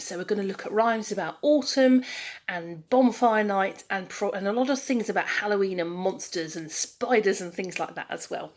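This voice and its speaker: A woman, a children's librarian, leading a rhyme time for little ones in a cheerful, coaxing, sing-song way. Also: medium pitch.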